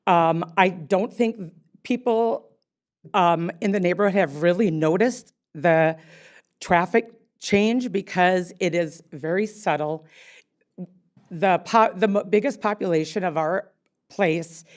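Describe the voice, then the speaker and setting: A woman's voice: on the low side, takes it slowly. A woman in her sixties, a wine bar owner speaking unprepared at a public meeting, rambling with many fillers and restarts. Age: 60s.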